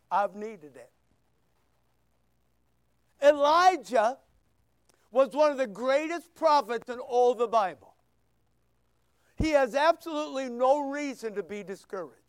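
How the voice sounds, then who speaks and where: An older man in his sixties preaching a sermon, swinging from loud shouts down to near-whispers and repeating words for emphasis. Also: very high voice, lively intonation, slow pace, long pauses, clean tone, dry recording. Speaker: pastor.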